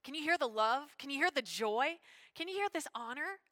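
A woman preaching a sermon in an animated, conversational way with casual slang. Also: sits high, fairly quick, no room sound.

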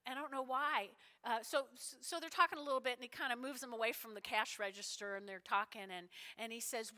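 A woman's voice: fairly high pitch, brisk, few pauses, sharp tone. A woman preaching a sermon, telling a story and acting out the voices of the people in it. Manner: storytelling, acts out quoted voices, emphatic. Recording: long reverb of a large hall.

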